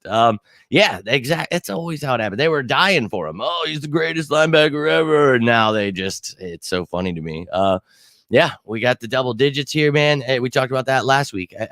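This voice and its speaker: A man's voice: mid-range voice, fairly bright tone, dry recording. A man hosting a casual live sports stream, cocky and rambling, full of fillers and asides to his viewers. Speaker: sports channel host.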